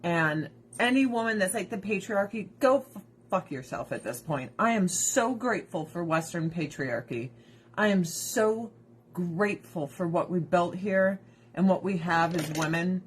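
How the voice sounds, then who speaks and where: A woman's voice: lowish voice, animated, measured pace, a little hiss or hum. Blunt, cursing woman ranting. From United States. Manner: blunt, profane, opinionated ranting. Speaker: livestream host. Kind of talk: casual livestream chat. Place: at home with pets.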